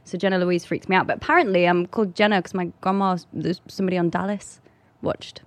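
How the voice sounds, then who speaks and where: A woman's voice: fairly low pitch, steady tone, fast, no echo. Chatty woman, dry close sound. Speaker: guest. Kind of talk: casual chat.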